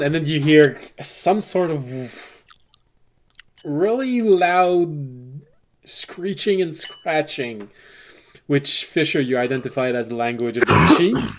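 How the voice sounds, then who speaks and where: A man narrating a tabletop role-playing game as game master, telling the scene with animated storytelling. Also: on the high side, slow, slight background noise.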